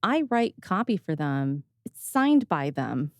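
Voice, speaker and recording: A woman hosting a podcast in relaxed, candid talk, slipping in the odd swear word. Her voice sits a little low, and the sound is close and dry with no room in it. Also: slow, no room sound. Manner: candid, chatty, swears casually; laughs often. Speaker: podcast host. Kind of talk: casual conversational chat.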